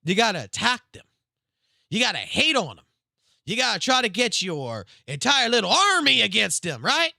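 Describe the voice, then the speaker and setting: A young man with a South Louisiana Cajun accent goes on a casual live-stream rant, loud, emphatic and heavily profane, swinging between loud and low-key. His gravelly voice is bright and animated, leaping around in pitch at normal speed. The recording is dry and close, with no echo.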